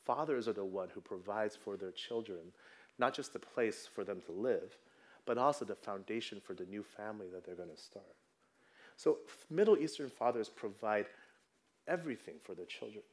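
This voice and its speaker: A pastor in his thirties delivers a sermon conversationally, often checking in with the congregation and tagging lines with "right?". His fairly low voice is expressive and moves at a normal speed.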